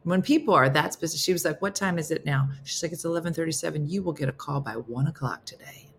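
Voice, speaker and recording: A woman's voice: deep voice, fast talker, slight background noise. A woman hosting a morning show, telling a story in casual chat and acting out both sides of phone calls with big jumps in her voice.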